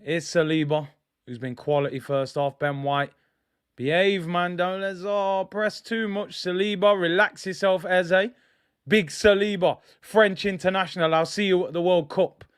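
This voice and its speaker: Excitable football streamer. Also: male voice, sits high, clean tone. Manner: animated fan, shouts and exclaims when play goes wrong. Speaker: football watch-along streamer. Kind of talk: live match commentary and fan reactions.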